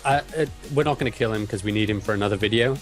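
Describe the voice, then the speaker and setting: A Welsh man co-hosts with a dry, teasing humor in a somewhat low voice. Quiet music runs in the background. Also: very fast. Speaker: co-host of a game league channel. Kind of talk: casual chat.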